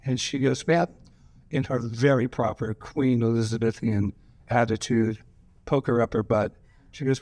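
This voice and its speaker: A man's voice: medium pitch, fairly even intonation, normal speed, a little mellow, dry recording. An older man, a guest actor at a screening Q&A, telling loose, profane, laughing anecdotes on a cinema stage. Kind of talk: rambling anecdotal storytelling. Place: cinema stage before a live audience.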